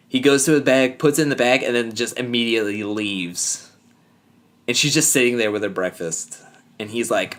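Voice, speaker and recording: A man's voice: medium pitch, fairly even intonation, moderate pace, a bit bright. Rambling man recapping a TV show. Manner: rambling, filler-heavy, acts out quoted lines. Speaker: podcast co-host. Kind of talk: casual chat recapping a TV show.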